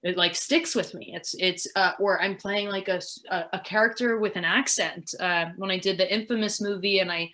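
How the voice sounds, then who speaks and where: A woman's voice: medium pitch, normal speed, few pauses, bright, forceful tone. A woman, an actress, answering interview questions in a casual, rambling way, full of fillers as she thinks aloud. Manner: rambling, filler-heavy, reflective.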